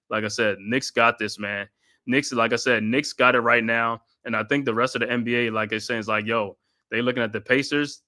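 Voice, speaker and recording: A man from New York hosting a live stream of excited postgame fan commentary, trash-talking and constantly repeating his catchphrases. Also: medium pitch. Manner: laughs often, trash-talking rival fans. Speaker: sports live-stream host.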